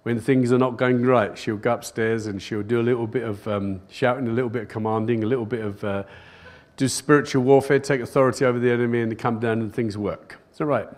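A man's voice: medium pitch, fairly even intonation, fast talker. Older man preaching a rousing sermon. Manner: rousing preaching, repeated calls of "Amen?" to the congregation; emphatic repetition of phrases. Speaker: pastor. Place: church service, recorded live.

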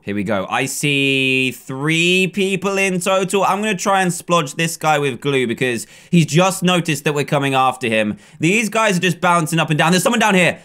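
An English man in his twenties with a high voice narrates a video game as he plays. He talks in a chatty, playful way and often jumps from calm remarks to excited yells, as gaming commentators do. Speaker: gaming YouTuber. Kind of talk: live gameplay commentary.

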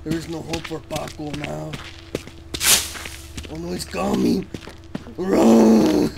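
A young man casually commenting on a horror game as he plays, full of slang and swearing, now and then yelling in panic. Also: fairly high pitch, little pitch movement, a little slow, vocal fry, heavy background noise. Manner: profane, slangy, keeps saying "dog", yells in panic at scares. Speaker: gameplay streamer. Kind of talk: casual let's play commentary. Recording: loud game music behind the voice.

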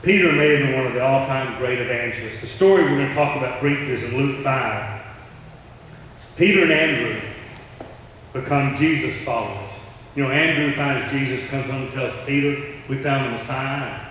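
This middle-aged man's sermon unfolds as storytelling, with him acting out the quoted voices in a medium-pitched, somewhat bright tone at a moderate pace. The sound comes from a distant mic in a large, echoey church hall, with a little background noise.

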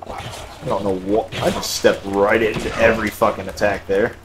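A man playing a video game live, cursing often and breaking into loud, high-pitched outbursts. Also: level tone, normal speed, noisy background. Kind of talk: swearing live game commentary.

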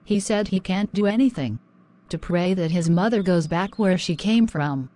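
A woman voicing a young married wife in an animated drama, pleading and worn down. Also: on the low side, moderate pace, lightly acted.

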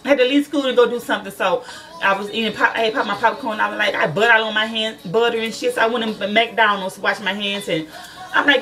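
A woman's voice: fairly high pitch, fairly even intonation, fast, sharp tone, far from the mic, soft background music. A woman who is a nail school student chats casually to her viewers from her car, swearing freely and calling them y'all.

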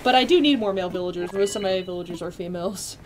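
A young woman live-streaming a video game, excitable and quick to squeal and laugh as she chats with her viewers. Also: fairly low pitch, background noise.

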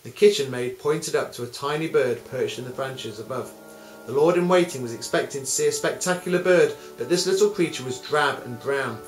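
A man's voice: mid-range voice, fairly quick. Man telling a story over music. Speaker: music teacher. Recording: roomy, with music behind.

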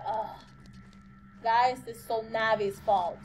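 A woman's voice: on the high side, expressive, a little slow, darkish tone. A young woman giving nervous, jumpy commentary while playing a video game, gasping and exclaiming as she goes. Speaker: let's play gamer. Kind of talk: frightened gameplay commentary.

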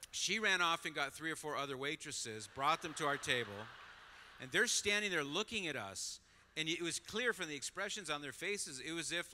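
Middle-aged guy giving a talk, bright sharp voice, acts out the story, big hall echo. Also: fairly high pitch, slight background noise. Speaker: conference speaker. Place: large conference hall. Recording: long hall reverb.

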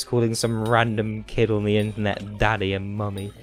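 A man in a slightly low voice, talking casually to his chat as he plays. He jokes and whines in an over-the-top, mock-dramatic way. Faint music plays behind him. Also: level tone, moderate pace. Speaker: game streamer. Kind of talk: casual live-stream chat while gaming.

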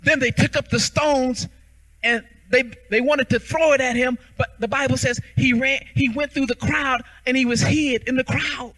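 High, bright-voiced preaching pastor. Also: male voice, steady tone, normal speed, low-quality recording. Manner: preaching with shouts and sung cadences. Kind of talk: charismatic sermon. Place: church sanctuary.

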